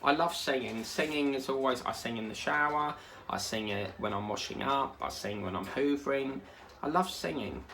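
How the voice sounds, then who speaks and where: Male craft vlogger, rambling casual chat, mid pitch. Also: moderate pace, gravelly, bright, forceful tone, slight background noise. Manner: rambling, chatty, easily sidetracked.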